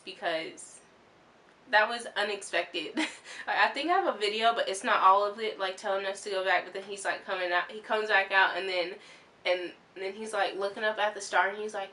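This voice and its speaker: Bright-voiced young woman rambling excitedly. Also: medium pitch, brisk. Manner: rambling, excitable, many fillers and restarts. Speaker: vlogger. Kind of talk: casual storytime vlog.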